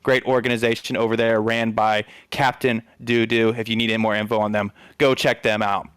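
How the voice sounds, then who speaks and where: A man's voice: fairly low pitch, little pitch movement, a little fast, fairly bright tone, smooth, no room sound. A man casting an esports league broadcast, chatty and upbeat, talking straight to the viewers in chat. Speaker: esports caster. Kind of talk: casual esports broadcast commentary.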